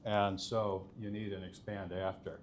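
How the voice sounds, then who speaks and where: Low-voiced man giving a technical talk. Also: a little slow, a little hiss or hum. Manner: explanatory, steady, frequent uh fillers. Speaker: conference speaker.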